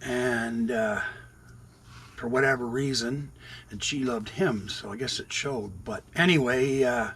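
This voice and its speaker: A man's voice: medium pitch, measured pace, a bit bright, slightly rough. A man in his sixties chatting casually in a rambling way while cooking in his RV kitchen, talking to his cats now and then. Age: 60s. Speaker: RV vlogger. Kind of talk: casual cooking vlog chat.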